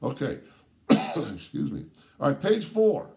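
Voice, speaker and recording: A man's voice: medium pitch, wildly swooping pitch, slow pace, darkish tone. A man teaching a course, explaining its requirements step by step and often checking in with "all right?", stressing key points. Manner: emphatic, stresses key words. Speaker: course instructor.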